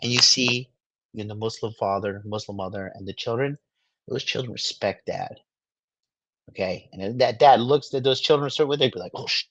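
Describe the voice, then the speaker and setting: A man's voice: lowish voice, brisk, fairly bright tone, dry recording, rough recording. A man giving crude, mocking commentary on video clips in a swaggering, profane way. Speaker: streamer reacting to clips.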